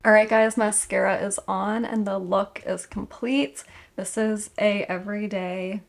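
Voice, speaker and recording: A woman's voice: medium pitch, fairly even intonation, a little slow, gravelly. A young woman vlogger chatting casually through a makeup tutorial, rambling and correcting herself as she goes.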